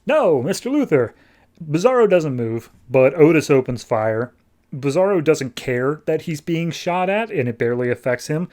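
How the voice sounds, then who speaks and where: A man's voice: a little high, lively intonation, moderate pace, a little mellow. A man hosting a podcast, recapping a comic issue in a casual, chatty, wry way. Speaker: podcast host.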